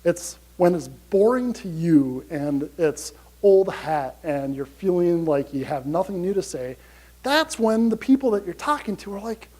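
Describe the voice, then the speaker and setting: High-voiced energetic man giving a talk. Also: unhurried, rough recording. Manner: energetic, chatty, repeats "you gotta" and "right?". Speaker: conference speaker. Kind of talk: motivational conference talk.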